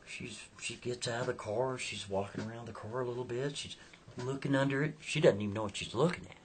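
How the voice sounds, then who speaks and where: A man's voice: mid-range voice, a little fast, slight background noise. A man telling a story in a folksy, chatty way, often turning aside to the listener. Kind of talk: casual spoken storytelling.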